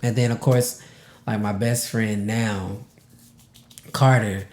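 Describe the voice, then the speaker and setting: Slow-talking man on the verge of tears. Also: on the low side, steady tone, a little mellow, roomy sound. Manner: emotional, close to tears, laughing through it; casual, repeats words for emphasis. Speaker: podcast host. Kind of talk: heartfelt podcast monologue.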